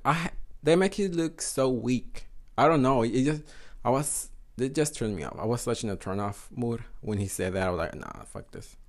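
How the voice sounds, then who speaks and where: Profane, candid man. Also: mid-range voice. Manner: frank and profane, mixes Spanish into English. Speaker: podcast host. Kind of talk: casual storytelling monologue.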